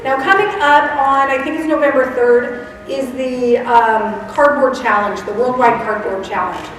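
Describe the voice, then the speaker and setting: A woman's voice: sits high, steady tone, measured pace, fairly bright tone. A woman teacher librarian giving a chatty conference presentation with laughing asides. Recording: echoey hall from far off.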